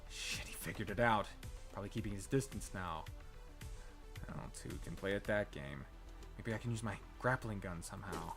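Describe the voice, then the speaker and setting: A man streaming a story game, reading first-person narration dramatically and breaking off with swearing and jokes. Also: on the low side.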